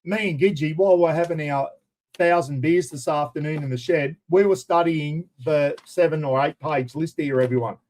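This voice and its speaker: Man, Australian accent, live-stream host, casual, rambling shout-outs, slightly high pitch. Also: normal speed.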